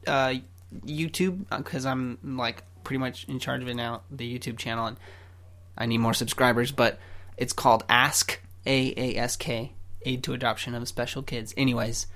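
Playful woman hosting a podcast. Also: rumbling low. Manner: playful, teasing, quick to laugh. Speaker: podcast host. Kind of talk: casual chat.

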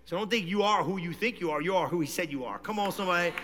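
A man preaching a sermon as pastor, swinging between loud shouts and quiet storytelling. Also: high-pitched, lively intonation, fast. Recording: long reverb of a church hall.

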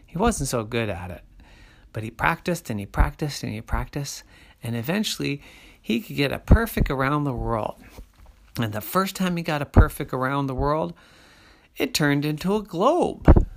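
A storyteller telling a children's story in a slow, sing-song way, dropping to soft asides. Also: medium pitch.

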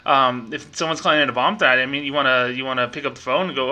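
A man's voice: medium pitch, fairly even intonation, quick pace, pushed and bright. A young man hosting a podcast, frankly ranting and telling stories about his old bank job. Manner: frank, ranting, storytelling with acted quotes. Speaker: podcast host, former bank employee. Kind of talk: casual monologue podcast.

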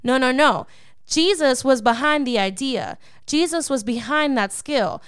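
High, crystal-clear woman preaching on a podcast. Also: animated, a little slow, a bit bright, dry recording, clean studio sound. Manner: emphatic, preacherly, keeps checking in with "okay?". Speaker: podcast co-host. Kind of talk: devotional Bible teaching podcast.

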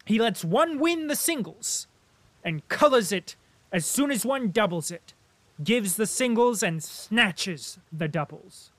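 A man voicing a gloomy, hot-tempered small cavalry officer who shouts and rants. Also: a little high, unhurried, no echo. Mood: ranting. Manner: loud, blustering, shouting.

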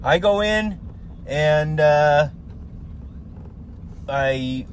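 A man's voice: a little high, expressive, very slow, a little hiss or hum. Profane, heated man ranting. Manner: profane, heated, swears constantly; rambling, with many fillers and restarts. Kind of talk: casual storytelling rant.

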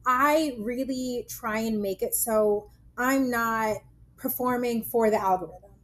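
A woman with a slightly high voice chats casually as a guest. She tells stories and drops in quoted asides as she goes. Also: slow, a bit bright. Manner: chatty, storytelling with quoted asides. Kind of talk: casual chat.

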